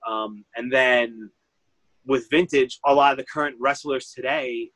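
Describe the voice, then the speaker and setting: A man's voice: medium pitch, steady tone, unhurried, fairly bright tone, dry recording, rough recording. Chatty man. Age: 30s. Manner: rambling, heavy use of "like", acts out quotes. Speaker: vintage clothing store owner. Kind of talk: casual interview storytelling.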